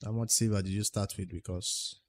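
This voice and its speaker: A man's voice: fairly low pitch, fairly even intonation, brisk. Chatty Nigerian man streaming a game. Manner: chatty, answers chat questions and mutters about his progress. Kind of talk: casual livestream chat.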